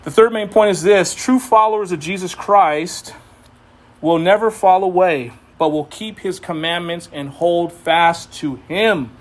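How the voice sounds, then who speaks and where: A man's voice: sits high, unhurried. A man preaching a sermon in a conversational way, mixing Scripture with humorous family asides. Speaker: pastor.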